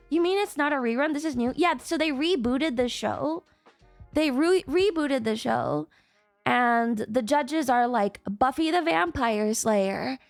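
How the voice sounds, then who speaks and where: A woman's voice: high-pitched, no room sound. A woman streamer in casual chat, rambling and swearing freely as she talks to her viewers.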